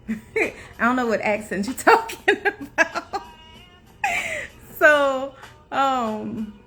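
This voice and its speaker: A woman's voice: mid-range voice, a bit bright. A young adult woman hosting a casual livestream, chatting to viewers, laughing often and greeting them by name. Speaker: livestream host.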